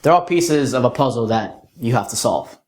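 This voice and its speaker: A young man coaching other men in a lesson-style talk, sometimes showing off high and deep voices. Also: animated, normal speed. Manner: demonstrates voices, jumps to falsetto and deep tones. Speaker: dating coach. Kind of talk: instructional talk. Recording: roomy echo.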